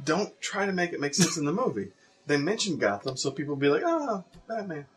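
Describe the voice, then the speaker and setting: A man co-hosting a casual movie chat, animated and opinionated, telling stories with jokes. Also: on the high side, brisk, noisy background. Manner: animated storyteller, jokey and opinionated. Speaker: podcast co-host.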